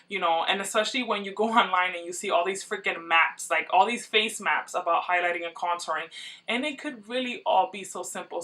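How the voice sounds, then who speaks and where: Bright-voiced chatty woman, a bit off-mic. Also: mid-range voice, distant mic. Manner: chatty, repeats herself, many fillers. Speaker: beauty vlogger. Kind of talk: casual makeup tutorial talk.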